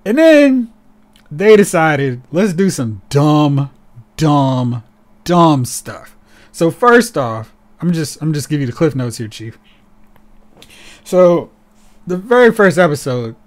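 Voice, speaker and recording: A man co-hosting a casual podcast, talking in an animated, sarcastic way and slipping into mocking voices. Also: on the high side, slow pace, pauses often. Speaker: podcast co-host. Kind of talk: casual chat.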